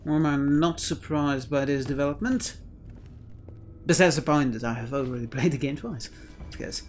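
A man's voice: fairly high pitch, normal speed, faint music behind. A man chatting playfully through a let's-play commentary, joking and swearing mildly. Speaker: gameplay commentator.

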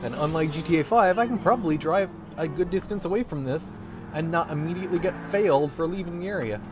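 A man's voice: fairly high pitch, fast, noisy background. A man giving joking, sarcastic let's play commentary, at times bursting into mock wailing. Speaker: gaming commentator.

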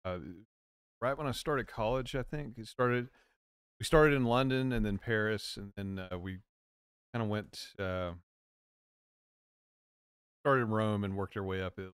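A man co-hosting a casual chat, rambling and halting with many fillers. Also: fairly low pitch, fairly even intonation, fairly bright tone, smooth, dry recording, studio quality. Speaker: co-host.

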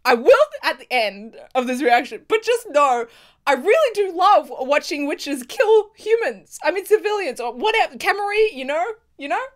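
A woman giving casual reaction commentary, excitable and swearing freely, with frequent laughter. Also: high-pitched, normal speed. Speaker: video reactor.

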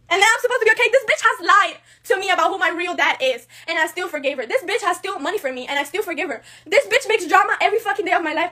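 A woman's voice: very high-pitched, sharp tone. A woman in her late teens, a native Spanish speaker, ranting angrily and profanely on a live stream at home, upset and agitated. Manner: angry, profane, switching between Spanish and English. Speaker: livestreamer. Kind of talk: emotional live-stream rant.

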